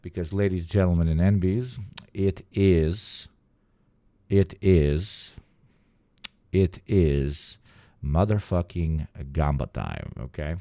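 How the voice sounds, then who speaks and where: A young man rants crudely to his stream chat, mocking and joking as he goes. His voice sits low, and the sound is dry and close. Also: slow, pauses often, warm tone, no room sound. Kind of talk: casual profane stream commentary.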